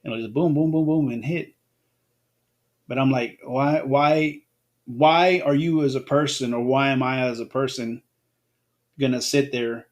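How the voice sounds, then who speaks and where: A man hosting an unscripted solo podcast, talking in a rambling way and often restarting his phrases. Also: mid-range voice. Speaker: podcast host.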